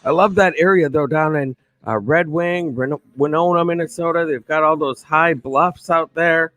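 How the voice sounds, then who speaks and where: Bright upbeat male livestream host. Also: a little high, normal speed, slight background noise. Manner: upbeat, greets viewers by name, frequent chuckles. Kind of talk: casual live-stream chat.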